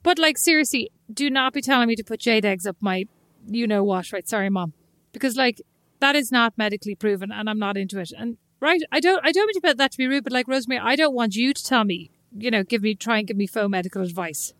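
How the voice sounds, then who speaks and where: Teasing woman, higher voice. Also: animated, fast, fairly bright tone, no echo. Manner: teasing, chatty, self-correcting. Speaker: podcast co-host. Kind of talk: casual chat.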